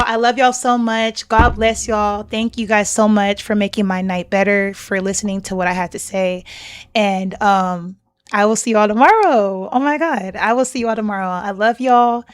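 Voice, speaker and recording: A woman's voice: medium pitch, clear, resonant tone, dry recording, clean studio sound. A young woman chatting casually with her live stream chat, gushing and laughing often.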